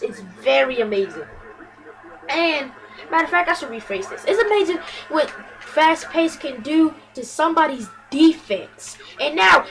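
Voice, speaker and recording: A woman gives excitable play-by-play commentary over her football video game, shouting on big plays and stumbling over her words. Her voice is high-pitched, and the recording quality is low.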